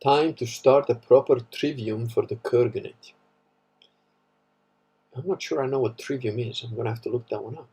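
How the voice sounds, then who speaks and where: Husky man rambling. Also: medium pitch, normal speed, long pauses, warm tone. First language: Italian. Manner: rambling, profane, wry. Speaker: livestream host. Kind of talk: casual livestream chat reading comments.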